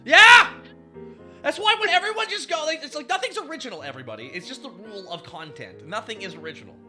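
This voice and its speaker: An animated male streamer who jokes, swears and laughs his way through the chat. His voice is high and very bright, leaping up and down, with faint music playing under it. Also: quick pace. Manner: animated, joking, profane, laughs often. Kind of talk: casual chat.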